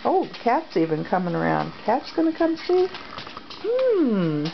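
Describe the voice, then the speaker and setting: A woman's voice: fairly high pitch, wildly swooping pitch, measured pace, creaky. A woman at home filming her dogs, cooing to them in sing-song baby talk. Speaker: dog owner filming her pets. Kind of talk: home video, talking to pets. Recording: dull lo-fi home video with background noise.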